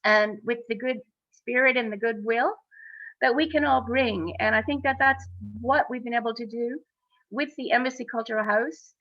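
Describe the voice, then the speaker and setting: A woman co-founder speaking on a panel over a video call, in an earnest, halting way with many fillers. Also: fairly high pitch, no room sound, dull audio. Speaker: exhibition co-founder.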